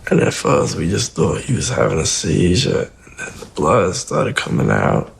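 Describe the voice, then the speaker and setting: A man's voice: low-pitched, huge pitch swings, moderate pace, gravelly, slight background noise. A man speaking casually in an interview, telling a story in loose slang. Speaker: interview guest.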